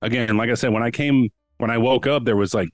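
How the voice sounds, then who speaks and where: A man's voice: mid-range voice, fast, faint music behind. Rambling man telling a story. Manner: rambling, full of restarts and reenacted quotes. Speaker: podcast guest. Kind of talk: casual storytelling.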